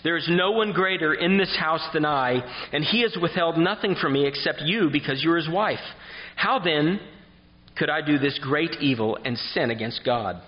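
A man with a slightly high voice preaches verse by verse, reading the scripture and then pressing it home with questions to his listeners. The recording is muffled and dull. A long reverb trails after his words. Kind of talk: expository sermon with scripture reading.

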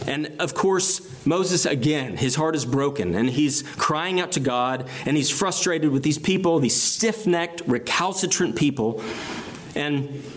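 A man preaching an expository sermon, reading and explaining scripture passages earnestly. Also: fairly high pitch.

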